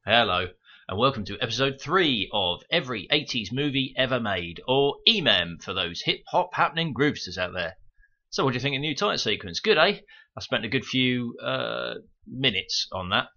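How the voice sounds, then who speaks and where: Guy reading his movie review podcast, dry sarcastic jokes, bright edgy voice, slightly muffled mic. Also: mid-range voice, expressive, fairly quick. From United Kingdom. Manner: wry, sarcastic asides. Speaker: podcast host. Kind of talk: scripted review narration. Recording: muffled home microphone.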